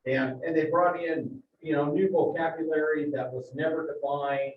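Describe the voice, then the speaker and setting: Meeting presenter, male, informal and halting, higher voice, echoey room from a distant muffled mic. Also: steady tone, a little hiss or hum. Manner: informal, repeats words as he talks. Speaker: work group member presenting a report.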